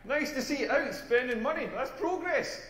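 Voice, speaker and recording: An actor playing a crude, brash Scottish stand-up comedian, with a punchline-driven delivery. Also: male voice, extremely high pitch, expressive, normal speed, a bit bright, reverberant, big-room sound, recorded from a distance. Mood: cocky.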